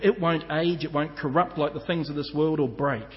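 A man preaching a sermon as pastor, earnest and measured, slowing down to stress each point of a list. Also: on the high side, steady tone. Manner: earnest, measured preaching with slow emphatic lists. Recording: muffled church hall with long reverb.

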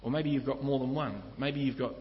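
A man's voice: mid-range voice, fairly even intonation, fairly quick. A man preaching a sermon, earnestly teaching and speaking directly to his listeners. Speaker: pastor. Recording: echoey hall, slightly dull sound.

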